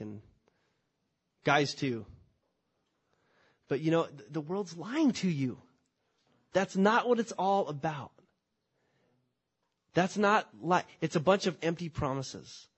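A man's voice: medium pitch, husky. A man preaching a sermon as pastor, impassioned and conversational, asking rhetorical questions.

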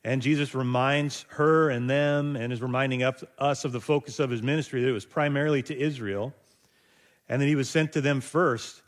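A man's voice: medium pitch, steady tone, brisk. Man musing through a casual sermon. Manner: reflective, musing aloud, rhetorical asides. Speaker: pastor. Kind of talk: conversational sermon.

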